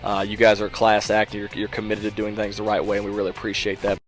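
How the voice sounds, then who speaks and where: A man's voice: lowish voice, completely flat delivery, quick pace, soft background music. A man who coaches a school team, earnestly thanking the show for its work. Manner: earnest and appreciative. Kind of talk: casual interview.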